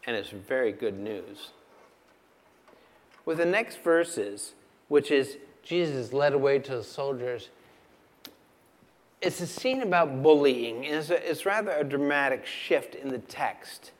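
A man preaching a sermon, asking the listeners questions and swinging from loud emphasis to hushed, quiet lines. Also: medium pitch, lively intonation, slow pace, long pauses. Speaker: pastor.

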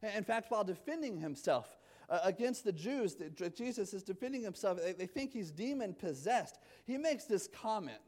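A man delivers a sermon in a notably high voice. He preaches with emphasis, rising to loud declarations and falling to quiet, drawn-out words. He repeats phrases to drive them home. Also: lively intonation. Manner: emphatic, swings from loud to hushed. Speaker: pastor.

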